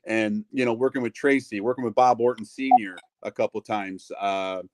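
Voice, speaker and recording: A lowish, darkish voice with fairly even intonation belongs to a middle-aged wrestling ring announcer guesting in a relaxed storytelling interview. He talks at a normal speed without echo, rambling with many fillers and mimicking the voices of those he quotes.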